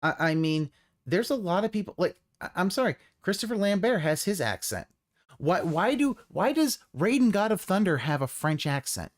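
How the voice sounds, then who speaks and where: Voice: mid-range voice, sing-song, moderate pace. A live streamer giving casual reaction commentary, sarcastic and swearing freely, often trailing off and restarting mid-sentence.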